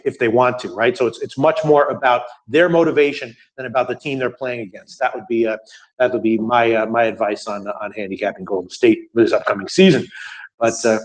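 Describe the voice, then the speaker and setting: Brief: man guest in a studio Q&A, mid pitch, rambling, fillers and restarts. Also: fairly even intonation, brisk. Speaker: guest sports bettor answering viewer questions. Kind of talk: casual studio Q&A chat.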